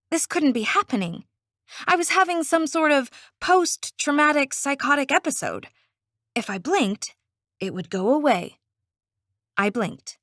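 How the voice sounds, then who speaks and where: A woman narrating a first-person novel audiobook in an expressive, unhurried way. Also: high-pitched, no echo, studio quality.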